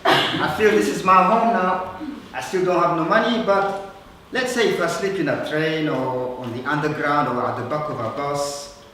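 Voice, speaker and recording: A man playing an earnest, insistent immigrant who sleeps rough, speaking in a theatre monologue. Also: a little high, normal speed, pushed and bright, slight background noise. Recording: echoey hall from far off.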